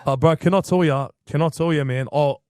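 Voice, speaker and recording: A man in his thirties, a podcast guest telling a heated story in a fast, slangy, repetitive way. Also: fairly high pitch, darkish tone, no room sound, clean studio sound. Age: 30s.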